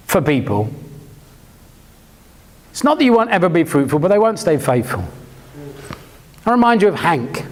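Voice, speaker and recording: A man's voice: sits high, in a large hall. A man preaching a sermon, telling stories animatedly and acting out the lines he quotes.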